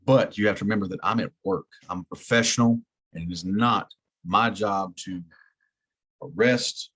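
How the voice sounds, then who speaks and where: A man's voice: on the low side, moderate pace, a bit bright. A man teaching an EMT class in a plain-spoken way, repeating key words for emphasis. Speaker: EMT instructor. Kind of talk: classroom lecture.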